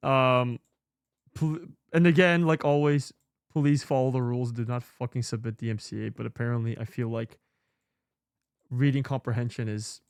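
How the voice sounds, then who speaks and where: A male streamer chatting casually with viewers, excitable and swearing often with lots of exclamations. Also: medium pitch, moderate pace, smooth, no room sound, studio quality. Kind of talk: casual live-stream chat.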